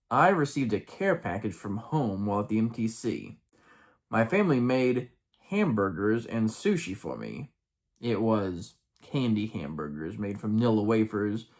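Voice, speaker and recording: A man in his late thirties reading aloud from a personal journal, with wry, amused asides and playful lifts in his voice. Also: on the low side.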